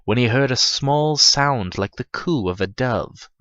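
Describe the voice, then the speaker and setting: Guy slowly reading a rhyming story as a sweary parody, muffled dry lo-fi mic. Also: medium pitch, lively intonation, fairly bright tone, dry recording. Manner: profane, stumbling, laughing at himself. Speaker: reader. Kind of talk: comedic parody read-aloud. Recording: dull lo-fi dry recording.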